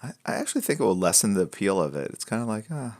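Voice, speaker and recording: Low gravelly man, laid-back chat. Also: very animated, very fast, darkish tone. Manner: laid-back, rambling, reads out and answers viewer questions. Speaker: artist hosting a live drawing stream. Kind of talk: casual chat with viewers while drawing.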